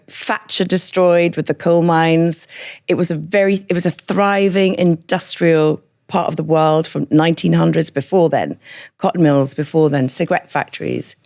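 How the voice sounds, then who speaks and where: A woman with a hybrid northern English and Scottish accent tells her story in a candid interview. Her voice sits low and carries a gravelly rasp. She is frank and chatty and laughs often. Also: darkish tone. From northern England. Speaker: podcast guest.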